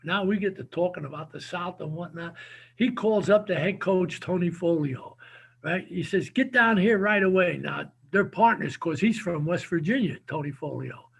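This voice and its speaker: Husky high-voiced older New man. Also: moderate pace. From New Jersey. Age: 70s. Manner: animated, repeats words, lively storyteller. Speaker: guest, former football coach. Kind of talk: casual storytelling interview.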